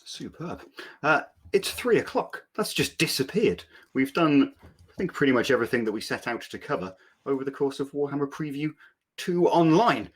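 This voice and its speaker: A man's voice: medium pitch, animated, normal speed. A man hosting a live preview stream, asking fluent, well-phrased questions that lead into each topic. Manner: smooth, scripted-sounding questions. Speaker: stream host.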